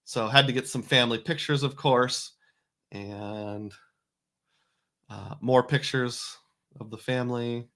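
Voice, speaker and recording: Bright-voiced chatty dad. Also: male voice, medium pitch, fairly even intonation, slow pace, pauses often. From United States. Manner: chatty, folksy, self-correcting asides. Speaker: family travel vlogger. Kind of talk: casual voice-over narration of travel photos.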